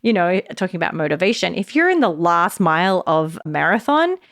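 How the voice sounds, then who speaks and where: A woman's voice: on the low side, fairly quick, dry recording. Chatty woman podcast host, dry sound. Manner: casual, warm and animated, many "like" and "you know" fillers. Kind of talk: solo podcast talk.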